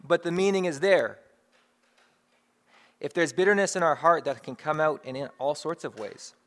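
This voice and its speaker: A man with a somewhat raised speaking pitch, delivering a sermon in a plain, talking-to-you manner. He builds his points by repeating phrases with emphasis, one after another. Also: normal speed. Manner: conversational, builds through emphatic repetition. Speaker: pastor.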